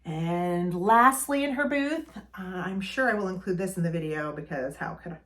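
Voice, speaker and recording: A woman's voice: fairly low pitch, moderate pace, a bit bright. A woman hosting her own vlog, talking casually and enthusiastically about her shopping finds, with frequent ums and uhs. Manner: chatty, enthusiastic, with many fillers. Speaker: vlog host. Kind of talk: casual shopping haul talk.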